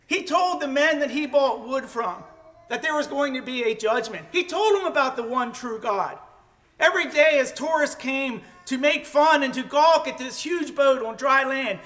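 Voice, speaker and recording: A man preaching a sermon in a church sanctuary, telling the story slowly and emphatically with many rhetorical questions. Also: extremely high pitch, pushed and bright. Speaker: pastor.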